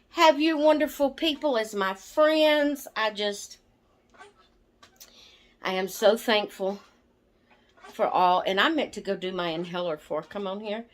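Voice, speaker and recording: A woman chatting casually to camera as a vlogger, a little out of breath from asthma and easily sidetracked. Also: on the high side. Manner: slow, chatty, easily distracted. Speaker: doll channel vlogger.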